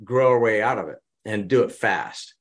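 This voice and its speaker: A man's voice: lowish voice, moderate pace. A man telling business stories in a conversational interview and acting out quoted lines. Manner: animated, dramatizes quotes. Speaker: business consultant guest. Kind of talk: conversational storytelling.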